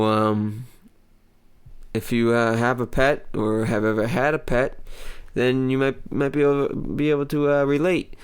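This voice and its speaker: A man hosting a comedy show, telling a rambling personal story with many pauses and mock-dramatic outbursts. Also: mid-range voice, clean tone. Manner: hesitant, full of ums, mock-dramatic outbursts. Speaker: comedy podcast host. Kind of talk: rambling comic monologue.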